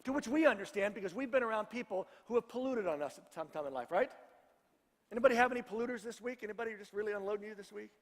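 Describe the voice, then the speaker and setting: A male pastor with a notably high voice preaches in an easy, conversational way and banters with the congregation. His words ring out with a long reverb, as in a big sanctuary. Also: racing. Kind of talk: sermon. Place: church sanctuary.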